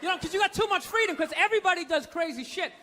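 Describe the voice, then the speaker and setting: Ranting stand-up comic with bright voice. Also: male voice, extremely high pitch, very fast. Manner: profane, ranting, incredulous, shouting punchlines. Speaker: stand-up comedian. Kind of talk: stand-up comedy set. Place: comedy club stage with audience. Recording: live stand-up with crowd noise. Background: audience laughter.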